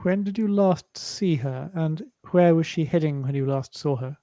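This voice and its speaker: A man's voice: on the high side, normal speed, mellow, dry recording. A man taking part as a player in a casual tabletop game, polite and hesitant, with many fillers.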